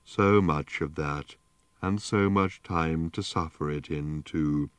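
A man's voice: extremely low pitch, clean tone, dry recording. A man doing a groaning, gloomy old robot. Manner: slow, groaning, gloomy drawl. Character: ancient rusted depressed male robot.

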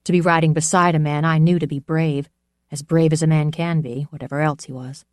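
A woman narrating an audiobook in a steady, measured storytelling manner. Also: deep voice, dry recording, studio quality.

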